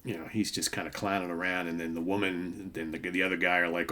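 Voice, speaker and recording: A man's voice: deep voice, little pitch movement, brisk, bright, forceful tone. A man in his fifties hosting a comic book show, rambling casually with lots of fillers and asides. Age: 50s. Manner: rambling, filler-heavy, with many asides and tag questions. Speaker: comic book podcast host. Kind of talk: casual show-and-tell commentary.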